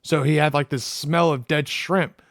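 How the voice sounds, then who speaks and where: Fairly high-voiced man, dry close sound. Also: fairly even intonation, normal speed, dry recording. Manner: shares trivia, loud outbursts when quoting. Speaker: podcast co-host. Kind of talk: casual chat.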